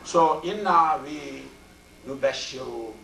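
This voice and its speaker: An older man teaching a Quran and Arabic class, speaking slowly and repeating Arabic word forms as he explains them. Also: a little high, gravelly, bright, forceful tone, a little hiss or hum. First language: Turkish. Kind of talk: classroom tafsir lecture. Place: mosque classroom. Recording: roomy, distant amateur video recording.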